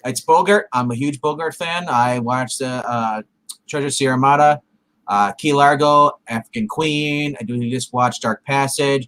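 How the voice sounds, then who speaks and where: A man's voice: medium pitch, a bit bright. A man co-hosting a movie reaction show in casual chat. He jokes, laughs often and restarts his sentences.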